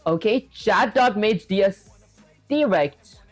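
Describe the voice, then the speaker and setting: A chatty streamer talks through code on a casual livestream. The speech is full of "like" and easy self-mockery, pitched right in the middle of the range. Soft music plays faintly underneath. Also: lively intonation, takes it slowly. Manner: chatty, filler-heavy, self-deprecating, addresses chat as "guys". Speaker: live-streaming programmer.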